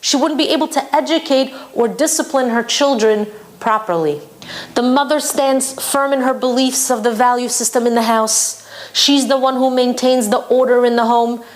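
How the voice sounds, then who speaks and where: Woman religious teacher, somewhat high voice, emphatic, tells stories to make her point. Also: steady tone, normal speed. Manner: emphatic, storytelling. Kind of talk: Torah lesson for women.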